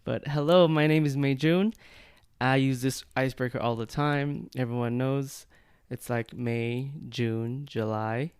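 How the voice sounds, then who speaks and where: A man's voice: medium pitch, steady tone, moderate pace, darkish tone, clean tone, no room sound, studio quality. A man in his thirties, born in China and raised in Jamaica, co-hosting a casual podcast chat in a friendly, easygoing way and laughing easily. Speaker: co-host.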